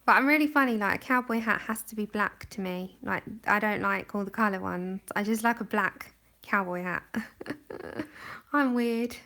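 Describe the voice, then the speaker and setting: Colouring on a livestream, a young host chats and giggles into a camera set close before her face. She speaks at a normal speed in a bright, medium-pitched voice with a forceful tone.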